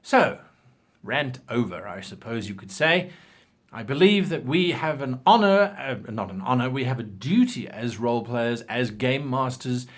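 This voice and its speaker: Offering advice for game masters, this man speaks at a measured pace in a medium-pitched voice. He's animated and opinionated, and he acts out examples throughout the casual talk.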